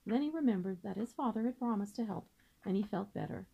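A woman teacher reading a children's book aloud in an expressive, gentle storytelling manner. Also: mid-range voice, fast talker, creaky, breathy edge, lo-fi sound.

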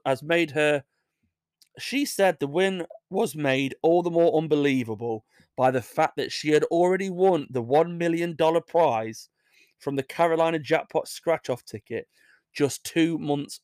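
A man's voice: fairly high pitch, unhurried, a little mellow, no echo, clean studio sound. A young English man hosting a casual show, reading odd news stories and rambling through jokey asides that he laughs at. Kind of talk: casual chat.

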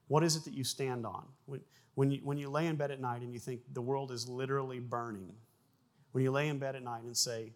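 A man preaching a sermon, animated, with frequent repeated words and acted-out sound effects in his stories. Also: medium pitch, fast talker. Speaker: pastor.

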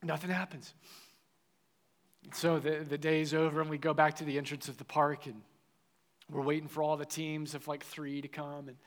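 Animated man preaching in a reverberant hall. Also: on the high side, normal speed, pauses often. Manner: animated, acts out dialogue in the story. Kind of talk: sermon with personal storytelling. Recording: long reverb of a large hall.

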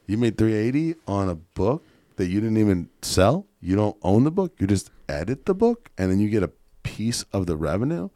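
A man's voice: deep voice, quick pace, dry recording, clean studio sound. A man hosting a podcast, telling casual stories with swearing and acted-out dialogue. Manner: animated, swears, acts out quoted dialogue. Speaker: podcast host.

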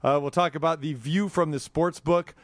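A man's voice: fairly high pitch, steady tone, normal speed, no echo. A man hosting a sports radio show, chatting casually in the studio with jokey, rambling asides.

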